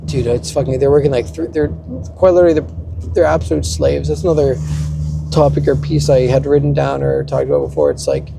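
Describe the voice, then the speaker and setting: A man's voice: medium pitch, lively intonation, a little fast, gravelly, background noise. A young man in a rambling, profane rant, often restarting. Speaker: vlogger. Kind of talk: ranting monologue.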